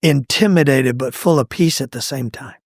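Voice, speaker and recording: A middle-aged man telling his own faith testimony in a conversational, animated way, acting out what people said. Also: moderate pace, gravelly, dry recording, studio quality. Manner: animated, acts out quoted lines with pitch jumps. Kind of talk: conversational storytelling.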